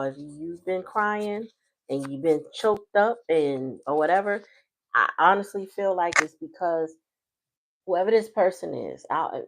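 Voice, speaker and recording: Woman tarot reader, low voice, relaxed slangy livestream chatter. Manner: chatty, loose, folksy slang. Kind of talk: casual livestream tarot reading.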